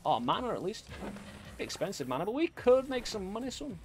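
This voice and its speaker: Rambly english dude chatting over his gameplay, slightly high voice, self-mocking jokes. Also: big pitch swings, fairly quick, faint music behind. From England. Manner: rambling, self-deprecating, jokey. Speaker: game streamer. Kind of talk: casual gameplay chat.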